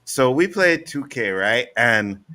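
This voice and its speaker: A man co-hosting a podcast, casually telling animated stories and acting out the people he quotes. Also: medium pitch, slow pace. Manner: animated storytelling, acts out quotes. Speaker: podcast co-host. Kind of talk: casual chat.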